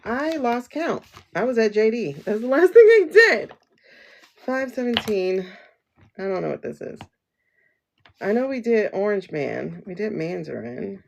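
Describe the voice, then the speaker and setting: A woman's voice: mid-range voice, lively intonation, measured pace, creaky, darkish tone, a little hiss or hum. A woman hosting a casual tarot livestream from home, rambling and chatty, laughing often as she talks to viewers through her phone.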